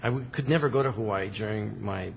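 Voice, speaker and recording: A male guest telling animated stories in a casual interview and acting out other people's voices. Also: fairly low pitch, fast, gravelly, long reverb tail, a little hiss or hum. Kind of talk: casual storytelling.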